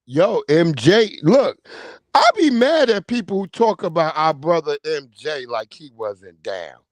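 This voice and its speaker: A man hosting a casual livestream, talking in an animated, slangy way and calling out viewers by name. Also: fairly high pitch, measured pace, dry recording. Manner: animated, slangy, reads viewer names aloud. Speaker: livestream host.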